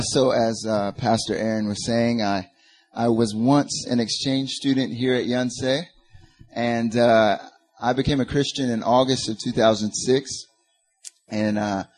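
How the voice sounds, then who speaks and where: A young guest speaker from North Carolina gives a casual, joking church talk mixed with spoken word. He has a Southern accent and a slightly mellow mid-range voice, and his chatty delivery is full of fillers.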